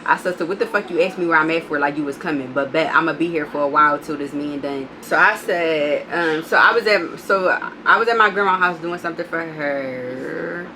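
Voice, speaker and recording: A woman vlogger telling a storytime, blunt and profane, animated as she reads out text messages. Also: sits low, brisk, hardly any pauses, slight background noise, low-quality recording. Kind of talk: storytime vlog.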